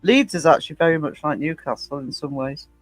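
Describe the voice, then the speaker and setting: A woman's voice: low voice, fairly quick, no room sound, faint music behind, poor audio. Host, woman from Northumberland, chatty, dry close sound. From Northumberland, England. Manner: chatty, reads chat comments aloud. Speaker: livestream host. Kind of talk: casual chat with live viewers.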